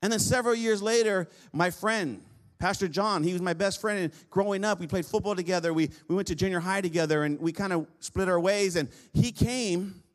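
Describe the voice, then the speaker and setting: A man's voice: high-pitched, fairly quick, hardly any pauses. A man preaching as a pastor, telling a personal story in a conversational way, with humorous asides and frequent repeated phrases. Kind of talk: sermon.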